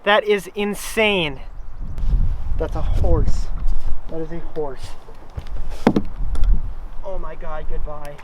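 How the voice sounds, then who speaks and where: A young man vlogging from a small boat on a lake, excitable and repetitive, talking straight to the fish while fishing. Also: on the high side, slow, pauses often. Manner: excitable, repeats himself, talks to the fish. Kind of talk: excited on-the-water commentary. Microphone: action camera on his chest. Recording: outdoor lake noise.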